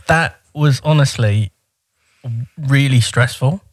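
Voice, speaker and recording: A man's voice: mid-range voice, takes it slowly, dry recording, clean studio sound. A man co-hosting a comedic podcast, curious and bemused as he asks about words. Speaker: podcast co-host. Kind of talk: playful comedic chat.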